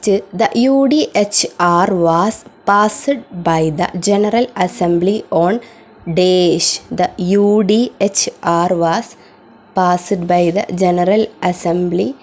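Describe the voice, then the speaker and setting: A woman's voice: mid-range voice, a little mellow, slight background noise, rough recording. A woman reading out exam questions, repeating each one before giving the answer. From India. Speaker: student tutor.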